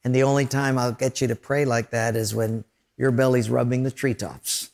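A man's voice: medium pitch, flat delivery, normal speed, creaky, a little mellow. A man preaching a sermon, telling stories and acting out voices and sounds along the way. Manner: storytelling preacher, acts out voices and sound effects. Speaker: pastor.

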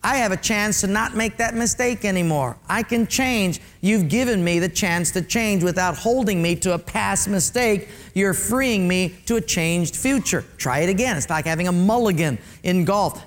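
Animated male pastor preaching. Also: sits high. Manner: animated, repeats key phrases for emphasis. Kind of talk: sermon.

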